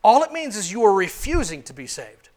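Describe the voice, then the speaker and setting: A man preaching a sermon in church, swinging from hushed, quiet lines to loud shouted ones and putting many questions to the congregation. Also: high voice, big pitch swings, fairly quick. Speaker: pastor.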